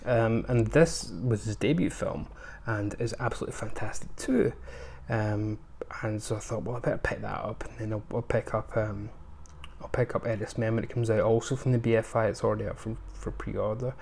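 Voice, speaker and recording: A man's voice: lowish voice, fairly even intonation, normal speed, vocal fry, darkish tone, a little hiss or hum. A man giving a casual, rambling review of his film purchases, with many ums and restarts. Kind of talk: casual unscripted haul review.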